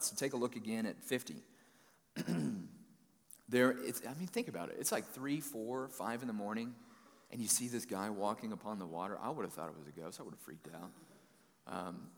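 Casting: male preacher with a lowish voice, folksy and conversational, big hall reverb. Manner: conversational, folksy paraphrasing of scripture. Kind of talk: sermon.

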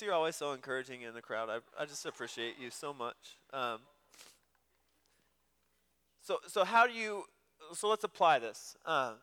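A man delivers a sermon in a bright, clear, slightly higher voice. He talks conversationally and often trips back over his words. A long hall reverb trails each phrase. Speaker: pastor.

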